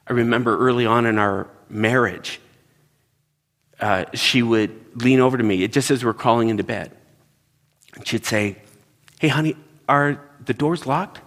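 A man's voice: medium pitch, normal speed, long pauses, in a large hall. A middle-aged man preaching in a church, telling personal stories and acting out the voices in them. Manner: animated storyteller acting out quotes. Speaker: pastor. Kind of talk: sermon storytelling.

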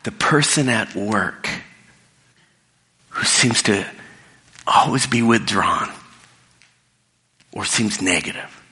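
A man's voice: fairly low pitch, slow pace, long pauses, bright, forceful tone. A middle-aged man preaching a sermon in a casual storytelling way, often restarting his sentences, recorded in a church hall. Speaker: pastor. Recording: long hall reverb.

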